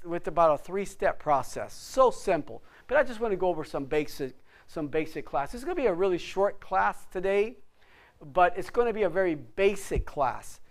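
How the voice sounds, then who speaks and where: High-voiced man teaching an emphatic class. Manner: emphatic, motivational, repeats words for stress. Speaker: real estate broker teaching agents. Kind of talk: instructional class talk. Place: office classroom.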